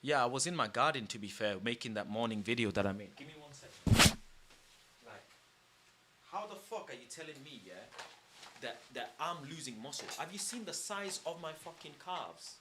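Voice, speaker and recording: A man's voice: mid-range voice, lively intonation, moderate pace, background noise. A man streaming casually, boastful and heated, swearing a lot and using street slang. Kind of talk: casual livestream chat.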